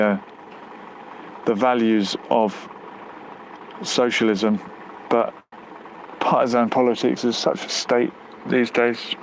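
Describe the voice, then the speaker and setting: A man's voice: mid-range voice, a little hiss or hum, low-quality recording. A man hosting a casual live stream outdoors near a road, reading out viewer comments and musing aloud with lots of fillers. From United Kingdom.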